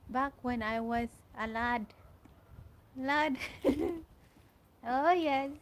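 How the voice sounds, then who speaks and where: Woman host, slow halting outdoor livestream chat, somewhat high voice, faint outdoor ambience. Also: darkish tone, a little hiss or hum, rough recording. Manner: chatty, halting, restarts often while reading comments aloud. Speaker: livestream host reading viewer comments. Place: garden outdoors.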